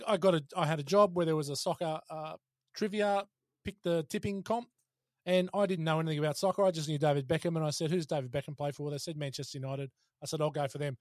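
A fast-talking Australian man in his forties, chatting as a podcast co-host. His voice sits a bit high, and he is blunt and sweary. The sound is dry and close. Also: fairly even intonation, no echo. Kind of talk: casual chat.

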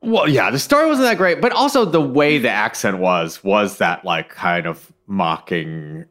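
Lively low-voiced man co-hosting a podcast. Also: unhurried. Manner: thoughtful, hedging and digressive. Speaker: podcast co-host. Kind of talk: casual podcast discussion.

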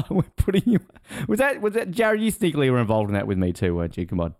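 A man's voice: a little high, huge pitch swings, fast, a little mellow, no room sound, studio quality. A man hosting a casual podcast chat, joking and teasing as he reads out fun facts. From Australia. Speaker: podcast host.

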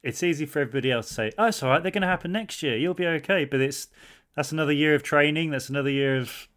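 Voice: mid-range voice, rapid-fire, a bit bright. Chatty supportive interviewer. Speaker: podcast interviewer. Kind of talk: conversational interviewing.

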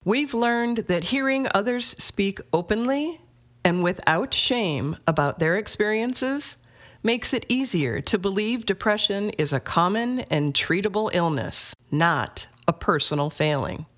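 A woman co-hosting a podcast, giving a measured, earnest scripted introduction. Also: mid-range voice, expressive, fairly bright tone. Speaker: podcast co-host.

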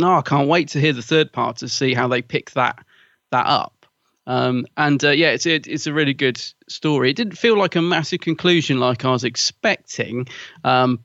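A man's voice: medium pitch, fairly bright tone, no echo, muffled recording. A man co-hosting a podcast in casual chat, hesitant with many fillers but enthusiastic as he recommends things. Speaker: podcast co-host.

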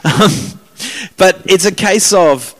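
A man's voice: high voice, slow pace. A man telling rambling, self-mocking stories as a podcast host in casual chat.

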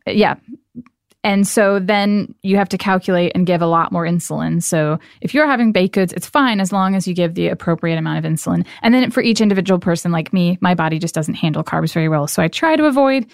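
A woman's voice: fairly low pitch, brisk, vocal fry, no echo, studio quality. A young woman being interviewed as a charity founder, explaining things earnestly and upbeat. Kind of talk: interview conversation.

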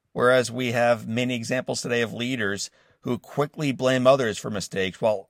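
A man's voice: mid-range voice, creaky, no echo, studio quality. A man in his forties hosting an inspirational podcast, telling a personal story in an earnest tone and speaking straight to his listeners. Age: 40s. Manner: earnest storytelling, warm direct address to listeners. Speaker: host of a motivational podcast. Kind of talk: scripted inspirational monologue.

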